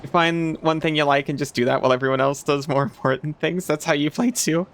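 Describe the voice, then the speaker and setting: A man's voice: fairly high pitch, steady tone, brisk, fairly bright tone, slight background noise. A man chatting casually while playing a game as a streamer, often restarting and trailing off mid-phrase. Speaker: gaming streamer.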